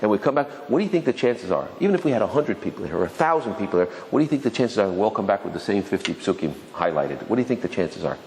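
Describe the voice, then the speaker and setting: A man's voice: lowish voice, big pitch swings, quick pace, hardly any pauses, a little mellow. A male rabbi teaching a live Torah class. He asks the audience rhetorical questions, and he often restarts and repeats words as he talks. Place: lecture room with an audience. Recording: reverberant hall with faint noise.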